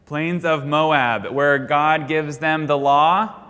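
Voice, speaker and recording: A man's voice: fairly high pitch, slow pace, sharp tone. An American man teaching a Sunday school class, reviewing Bible history by asking questions and leaving each sentence open for the class to finish. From United States. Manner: quizzing, leaves sentences hanging for the class to finish. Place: church classroom. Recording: long hall reverb.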